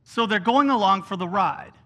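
A man preaching a sermon, telling a Bible story with animated storytelling and whiny acted-out quotes. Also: sits high, normal speed.

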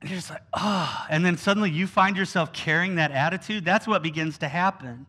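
A male preacher with a high, bright, ringing voice. He tells the story in an animated way and slips into whiny voices when he quotes the people. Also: fast talker. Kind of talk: sermon.

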